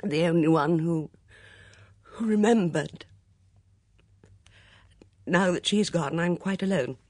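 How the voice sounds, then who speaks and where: An audiobook reader voicing a proud, lonely older woman, halting and emotional with grief, in a storybook reading. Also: medium pitch, darkish tone, no echo, studio quality. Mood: grieving.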